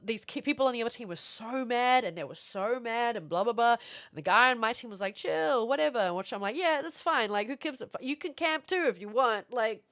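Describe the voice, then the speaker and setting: A woman talks to her livestream chat in a loose, rambling way. Her voice sits a little high, and she laughs often and thanks viewers between stories. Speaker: streamer. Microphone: streaming setup with camera.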